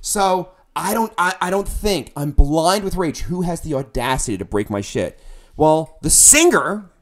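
Against a noisy background, a middle-aged musician with a slightly high voice speaks a little slowly as he tells a band anecdote on a casual podcast. The telling is animated and profane, complete with him acting out his own yelling.

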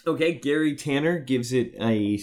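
A man co-hosting a casual podcast, reading a review in a dry, deadpan way. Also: mid-range voice, moderate pace, slight background noise. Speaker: podcast co-host.

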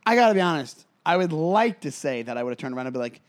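A man co-hosting a casual comedy podcast, animated and filler-heavy, acting out little scenes as he talks. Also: fairly high pitch, fast talker. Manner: animated, acts out scenes with voices, many fillers. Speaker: podcast co-host.

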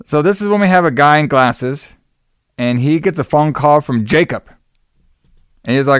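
A man's voice: a little high, normal speed, clean tone, no room sound, clean studio sound. A man co-hosting a show, casually recapping a horror movie, swearing often, laughing and acting out the characters' lines. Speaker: podcast co-host.

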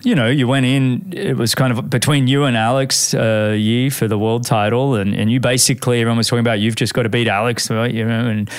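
A man's voice: mid-range voice, steady tone, a little fast, few pauses, smooth, dry recording. Chatty male podcast host, dry sound. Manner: chatty, calls his guest mate. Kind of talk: casual interview chat.

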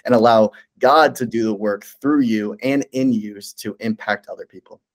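A man's voice: lowish voice, normal speed. A man who is a pastor, speaking earnestly and encouragingly in a casual faith conversation, with many fillers and restarts.

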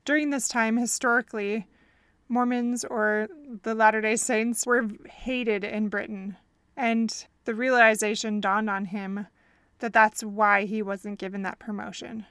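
A woman's voice: on the high side, flat delivery, a little slow, a bit bright, clean tone, no room sound, studio quality. A woman hosting a faith-based podcast as a counselor, telling a story earnestly and asking listeners reflective questions.

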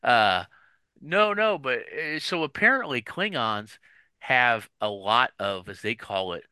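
A man's voice: medium pitch, slow pace, clear, resonant tone, no echo. A man co-hosting a casual podcast, telling stories with lots of restarts and acting out what people said. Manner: animated storyteller, acts out quotes, frequent restarts. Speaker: podcast co-host. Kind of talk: casual chat.

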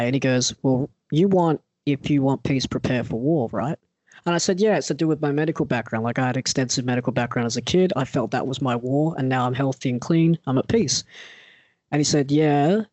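A man telling a personal story in casual chat as a podcast co-host, animated and acting out the people he quotes. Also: medium pitch, normal speed, dry recording. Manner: animated, acts out quoted voices.

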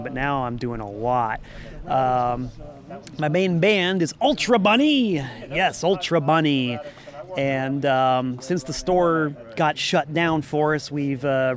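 A man, a musician and former record store owner, talking in a rambling, upbeat way in a casual interview in a parking lot. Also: a little high. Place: parking lot outside a venue.

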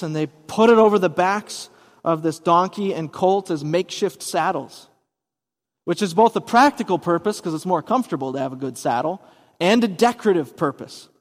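A man's voice: high-pitched, long reverb tail. A man preaching a sermon as pastor, explaining scripture in a conversational way with casual asides.

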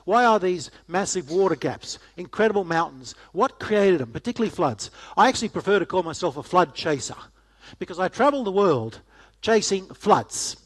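A man's voice: high-pitched, animated, moderate pace, breathy edge. A middle-aged man giving a casual, joking talk to a church audience, often asking them questions. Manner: jokey, chatty, asks the audience questions. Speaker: guest speaker.

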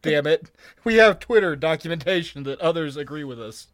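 A man's voice: on the high side, expressive, brisk, fairly bright tone. A man co-hosting a podcast, telling a long story in a rambling, profane way full of restarts. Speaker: podcast co-host. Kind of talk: casual chat.

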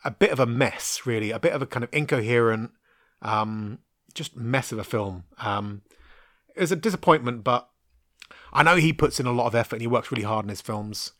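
Male podcast host, 30s, rambling chatty review, lots of ums, dry close sound, mid pitch. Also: brisk, a bit bright, no room sound. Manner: rambling, frequent ums and restarts, frank with mild swearing. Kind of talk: casual solo podcast film review.

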